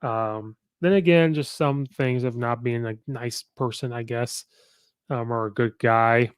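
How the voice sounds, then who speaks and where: A man's voice: mid-range voice, steady tone, unhurried, clean tone, dry recording. A man hosting a podcast, giving casual, opinionated sports commentary and rattling off records with many fillers. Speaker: podcast host.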